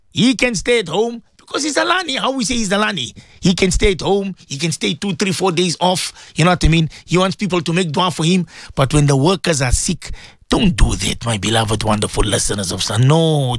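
A man hosting a morning radio show, giving religious advice in a preachy, animated way, repeating phrases for emphasis. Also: sits high, dry recording, studio quality. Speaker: radio presenter. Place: radio studio.

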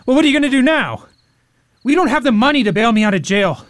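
A man's voice: on the high side, expressive, a little fast, no echo, studio quality, lightly acted. A man playing a volatile alcoholic dad. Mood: angry. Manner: swings between bullying and tender. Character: volatile alcoholic father, hard-living man. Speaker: father. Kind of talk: radio drama acting.

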